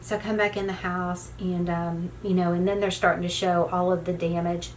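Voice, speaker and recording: Rambling woman with a low voice. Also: flat delivery, normal speed, a little hiss or hum. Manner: rambling, lots of "you know" fillers. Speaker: beauty vlogger. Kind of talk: casual storytelling while doing makeup.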